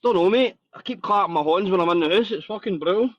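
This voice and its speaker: A Scottish man chats casually as host of a live stream, excitable and a bit nervous, and he swears freely. His voice sits a touch high. The sound is dull and lo-fi and has no room echo. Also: quick pace. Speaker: podcast host.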